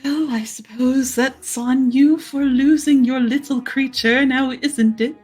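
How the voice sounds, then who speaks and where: A woman's voice: high-pitched, steady tone, unhurried, a little mellow, breathy edge, faint music behind. A woman voicing a dismissive noblewoman who speaks in an aloof, teasing way.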